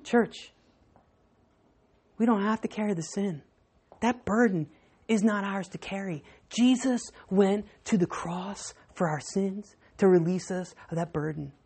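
A woman pastor preaching a sermon, telling stories and moving between hushed and emphatic delivery. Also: mid-range voice, unhurried, breathy edge. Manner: storytelling, animated, swinging between hushed and emphatic.

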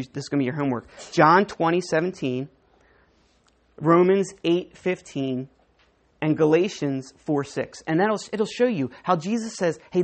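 A preacher giving a sermon, walking through a Bible passage verse by verse and acting out the quoted dialogue, with frequent self-corrections. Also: medium pitch.

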